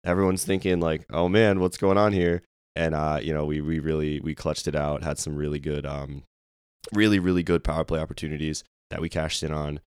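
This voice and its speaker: A young man with a hoarse voice, co-hosting a casual sports podcast and rambling excitedly with many fillers. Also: extremely low pitch, a little fast, no room sound, clean studio sound. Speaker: podcast co-host.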